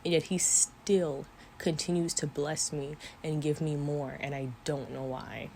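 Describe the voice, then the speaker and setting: A woman's voice: deep voice, fairly even intonation, a little slow, darkish tone, a little hiss or hum. A woman in her twenties talking earnestly to camera about her faith, sometimes teary-eyed, with small laughs. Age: 20s. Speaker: vlogger. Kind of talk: emotional faith talk to camera. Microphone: camera mic.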